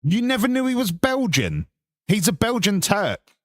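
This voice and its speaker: A man's voice: high-pitched, huge pitch swings, moderate pace, fairly bright tone, dry recording, studio quality. A man with an English accent streaming live, chatting casually and swearing while bantering with his viewers.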